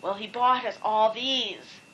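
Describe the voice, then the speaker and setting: A woman's voice: a little high, takes it slowly, a little hiss or hum, rough recording. A woman voicing a bubbly teenage girl speaking eagerly. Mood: excited. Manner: eager, excited.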